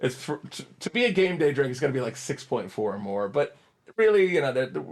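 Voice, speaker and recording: A man's voice: medium pitch, very animated, fast talker. A man co-hosting a podcast in casual chat, upbeat and chatty, keeping the tasting game moving. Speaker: podcast co-host.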